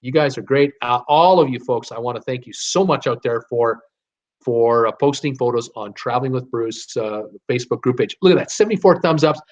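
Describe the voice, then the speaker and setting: A man's voice: medium pitch, fairly quick. A man hosting a live stream, reading viewer comments aloud and greeting each viewer by name in a chatty, upbeat way. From United States. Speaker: host of a live cruise Q&A stream. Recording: slightly dull, lo-fi stream audio.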